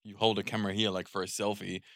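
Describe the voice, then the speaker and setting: Low, forceful Australian man swearing freely. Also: fast talker, no echo, studio quality. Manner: animated, swears a lot. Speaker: podcast co-host. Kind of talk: casual chat.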